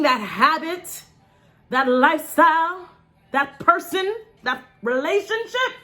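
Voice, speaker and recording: A woman in her thirties chats straight to camera in a casual vlog, joking through her nerves before a dental procedure. Her voice sits a little high, and she keeps the talk loose and personal, swinging between wry jokes and pep talk. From New York. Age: 30s. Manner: chatty and joking, lively swings in pitch. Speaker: vlogger.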